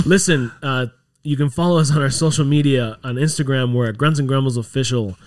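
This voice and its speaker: A man hosting a casual podcast, swearing freely and ranting in loud bursts. He breaks into laughter often as he vents. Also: medium pitch, a little fast. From Canada. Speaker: podcast host. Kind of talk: casual chat.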